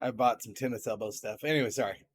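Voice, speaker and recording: A man chatting casually as co-host, laid-back, with quick asides. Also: medium pitch, a little hiss or hum. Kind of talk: casual chat.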